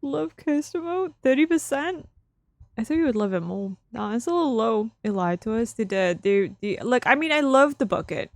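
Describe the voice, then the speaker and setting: A woman with a fairly high voice reacts to a video game as she plays, excitable and quick to repeat herself. Her voice sits right on the mic in a dry, dead room with no echo. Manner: excitable, repeats phrases over and over. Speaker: streamer playing a video game. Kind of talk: let's play commentary.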